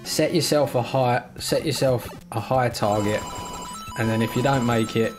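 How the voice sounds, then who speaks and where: A man with a mid-range voice chats his way through a live game stream in a casual, joking way, with frequent thanks to the chat. Game music plays clearly underneath him the whole time. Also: mid-range voice, normal speed. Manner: chatty, joking, thanks viewers.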